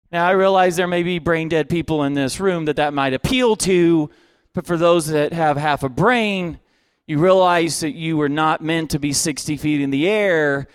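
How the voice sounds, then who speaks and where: A man delivers a sermon as a comic story, poking fun at himself with lively timing. His voice sits very high for a man. The sound is dry and close, with no room echo. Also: smooth. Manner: comic, self-mocking, lively. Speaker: preacher.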